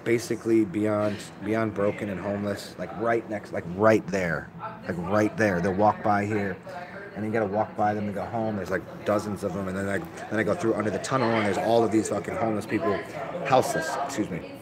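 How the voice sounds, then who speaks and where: A man with a low voice talks loosely to his stream audience, swearing and restarting his thoughts as he goes. Other people's chatter carries on behind him. He sounds unhurried and off the cuff. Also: steady tone, poor audio. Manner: rambling, profane, laid-back, restarts often. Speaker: livestreamer answering chat. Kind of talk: rambling casual live-stream chat.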